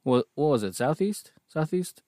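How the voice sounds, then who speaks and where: A man's voice: fairly high pitch, animated, normal speed, warm tone, no echo, studio quality. A man co-hosting a podcast, joking and laughing as he reads notes aloud in casual banter. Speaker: podcast co-host.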